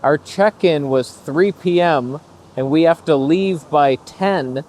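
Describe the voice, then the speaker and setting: A man's voice: on the high side, slow, a little mellow. Wry rambling man vlogging around town. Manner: wry, rambling, jokey storytelling. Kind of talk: casual vlog chat. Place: walking outdoors in a small town.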